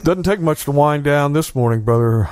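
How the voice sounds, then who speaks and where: A man hosting a casual local radio show from a small studio, talking in a halting way full of fillers. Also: fairly high pitch, a little mellow, clean tone, dry recording. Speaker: radio host.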